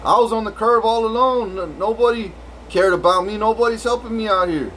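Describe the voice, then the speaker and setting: A man rambles through a long story in a profane, street-casual way, tripping over restarts and fillers. His voice sits a touch higher than most men's. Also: brisk, a bit bright, a little hiss or hum, low-quality recording. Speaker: vlogger.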